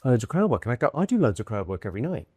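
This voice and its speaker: A man from the UK, a comedian and guest, telling stories in lively conversation and acting out what people said. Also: mid-range voice, breathy edge, no echo, studio quality. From United Kingdom. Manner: quick, lively storytelling with acted-out quotes and bursts of laughter. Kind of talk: animated conversational storytelling.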